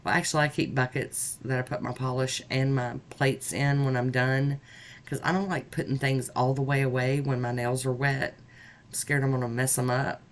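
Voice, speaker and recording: A woman vlogger chatting upbeat and warm-heartedly as she talks viewers through each step of her nail art. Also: very deep voice. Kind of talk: casual tutorial narration.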